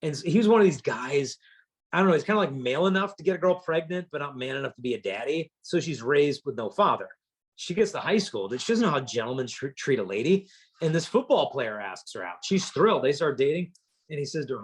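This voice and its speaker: Animated husky male youth speaker. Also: medium pitch, quick pace. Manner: animated storyteller, acts out voices of teens. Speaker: chastity speaker. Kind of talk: motivational talk to students.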